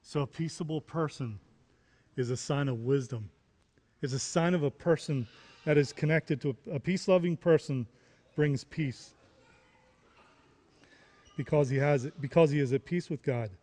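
A man's voice: fairly high pitch, normal speed, pauses often, warm tone, in a large hall. A man preaching a sermon, repeating key phrases and rising into emphatic questions. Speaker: pastor.

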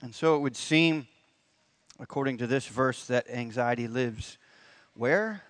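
A man giving a Sunday sermon in a church, speaking in a folksy, conversational way. He leans into key phrases with rising emphasis as he works through the scripture text. His voice sits at an ordinary middle pitch. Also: unhurried, no room sound. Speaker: pastor. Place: church sanctuary.

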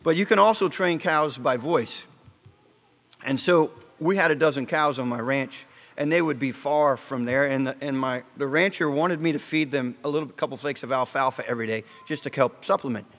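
A male pastor delivering a casual, story-driven sermon at an even, middling pitch. He pauses, restarts phrases and drops his pace to land a point. His voice rings out with a long reverb tail, like a church sanctuary. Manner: conversational storytelling with rhetorical questions; halting restarts, slows for emphasis.

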